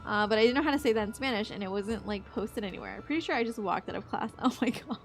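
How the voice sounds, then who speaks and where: A woman's voice: mid-range voice, fast talker, soft background music. A young woman streaming a game, chatting casually, joking, swearing freely and laughing often. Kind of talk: casual chat while gaming.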